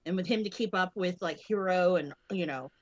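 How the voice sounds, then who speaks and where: A woman chatting casually on a wrestling podcast as a guest co-host, rambling with lots of fillers and restarts, now and then breaking into loud excited shouts. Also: lowish voice, a little fast, lo-fi sound.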